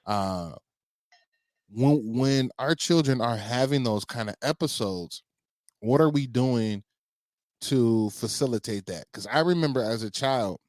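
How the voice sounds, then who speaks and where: A man's voice: medium pitch, a little slow, darkish tone, dry recording, studio quality. A man co-hosting a stay-at-home dad podcast, laughing often and talking in an encouraging, reflective way. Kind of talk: casual chat.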